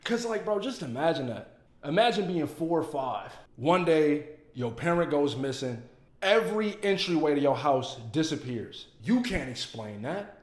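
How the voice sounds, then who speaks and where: A man giving casual, emphatic movie commentary, excitable and full of profanity. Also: fairly high pitch, moderate pace. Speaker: movie reviewer. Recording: roomy echo.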